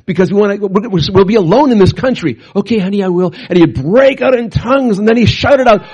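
A middle-aged male pastor preaches through a long story with a husky, slightly raised voice. He talks in animated bursts and often restarts his sentences. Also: high voice, a little fast, muffled recording. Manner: animated, bursts into loud acted quotes, frequent restarts. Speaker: pastor and missionary. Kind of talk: storytelling sermon.

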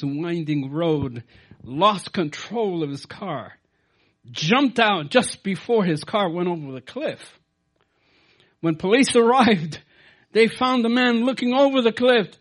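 A man preaching a Good Friday sermon, dropping to quiet asides and then rising to loud, emphatic declarations. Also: sits high. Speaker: pastor.

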